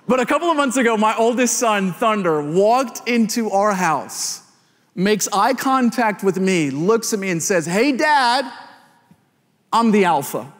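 A man in his thirties, a pastor, telling a humorous family story in a sermon, with lively quoted voices. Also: sits high, a little slow. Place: large church hall. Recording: long hall reverb.

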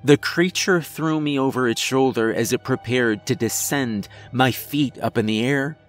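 A man narrating a first-person horror story in a measured storytelling manner. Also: medium pitch, soft background music.

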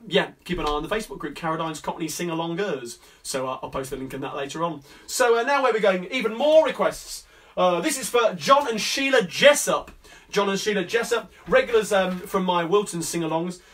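A man from Coventry hosting a live sing-along stream from home, chatting quickly between songs with lots of fillers. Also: high voice. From England (Coventry). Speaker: sing-along host and singer. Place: at home during lockdown. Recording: distant mic, loud backing music.

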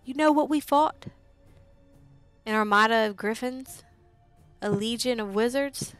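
A woman voicing a wounded, defeated male orc dragon rider who bellows his lines loudly in a storybook reading. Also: fairly high pitch, a little slow, smooth, dry recording, soft background music, pitched above the performer's own voice. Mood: bellowing despair. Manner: loud, bellowing.

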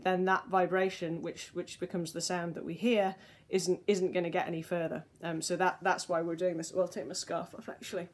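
Woman, voice teacher, soothing and unhurried, leading a warm-up lesson. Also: lowish voice. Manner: gentle, soothing, slow guiding instructions. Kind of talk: guided vocal warm-up lesson.

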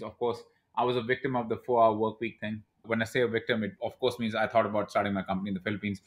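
A man in his thirties who owns an e-commerce brand appears as a podcast guest in a casual interview. He tells animated stories very fast in a fairly low voice, acting out what other people said.

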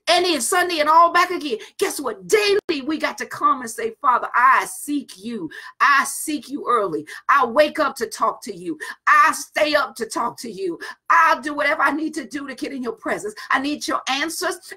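Woman pastor, high bright voice, fervent rhythmic prayer with bursts of tongues. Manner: informal everyday phrasing. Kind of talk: prayer and preaching.

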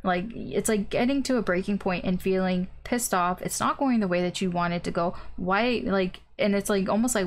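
A woman's voice: mid-range voice, moderate pace, hardly any pauses. A woman giving a casual tarot reading, thinking aloud with lots of ums and maybes, blunt and informal. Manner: blunt and informal, with mild swearing. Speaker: tarot reader.

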